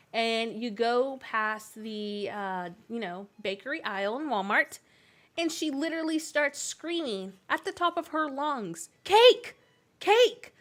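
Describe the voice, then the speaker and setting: A woman's voice: fairly high pitch, bright, forceful tone. A young woman, chatting casually on a game stream and telling family stories between laughs. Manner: chatty, laughing often, many fillers.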